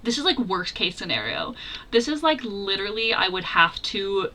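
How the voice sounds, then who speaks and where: A young woman hosting a reaction video, talking casually and exclaiming excitedly as she comments. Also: mid-range voice, normal speed, a little hiss or hum.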